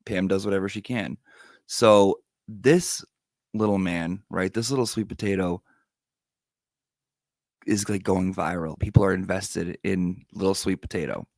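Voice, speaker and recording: Man, lowish pitch, dry close sound, chatty reaction commentary. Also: fairly even intonation, a little slow, gravelly, pauses often, darkish tone, dry recording. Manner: chatty, explains to viewers. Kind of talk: casual commentary.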